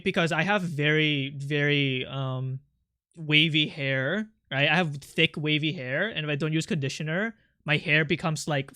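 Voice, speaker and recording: A man's voice: a little high, pushed and bright, clean tone, no echo, studio quality. A young man streaming his art, chatting casually with his chat in an irritable, snappy way, swearing and venting.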